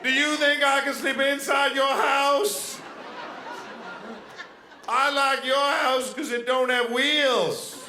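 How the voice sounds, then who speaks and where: Sweet drawling Southern girlfriend, as a male comic puts her on; slow, high, bright, roomy stage sound. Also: fairly even intonation, exaggerated voice. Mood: doting. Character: sweet Southern girlfriend, young woman, simple and grateful. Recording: roomy live venue with faint noise.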